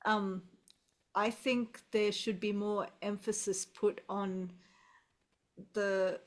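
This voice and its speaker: A woman's voice: mid-range voice, slow pace. A middle-aged Australian woman, an English teacher, chatting thoughtfully over a video call and often restarting her sentences. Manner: relaxed, thoughtful, musing with restarts. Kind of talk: casual video call conversation.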